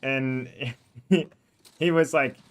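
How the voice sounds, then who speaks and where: A man's voice: mid-range voice, fairly even intonation, takes it slowly. A man streaming a game, chatting casually and rambling, with frequent laughter. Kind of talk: casual gameplay chat. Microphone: desk microphone.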